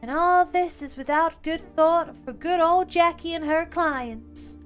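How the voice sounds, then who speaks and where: A woman voicing a worldly, familiar female character with a slow, drawling way of talking. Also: very high-pitched, soft background music, pitched above the performer's own voice. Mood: breezy. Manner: drawling, calls people honey.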